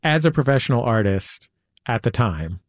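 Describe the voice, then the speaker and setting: A man hosting a radio interview. He asks long, winding questions in a relaxed way and slips in wry jokes. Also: medium pitch, moderate pace, no room sound, studio quality. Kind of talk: conversational interview. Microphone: studio mic.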